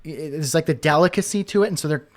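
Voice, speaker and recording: In a slightly high voice and at a quick clip, a man walks viewers through web design over a screen share. His style is casual, full of fillers and restarts as he thinks aloud.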